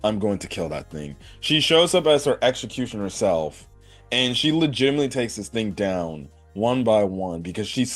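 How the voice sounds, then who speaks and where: A man casually recapping an anime episode, rambling with lots of fillers and cursing. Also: fairly low pitch. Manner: rambling, swears, many fillers like "like" and "right". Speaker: anime reviewer.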